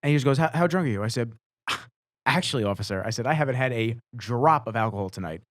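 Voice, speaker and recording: Fast-talking casual male podcast host. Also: medium pitch, dry recording, studio quality. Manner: fast, animated, swears freely. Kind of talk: casual storytelling.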